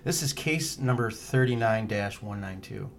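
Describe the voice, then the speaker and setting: A man's voice: lowish voice, expressive, normal speed, creaky. Male podcast co-host, rambling and jokey, casual chat with slight background noise. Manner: rambling, jokey, goes on tangents.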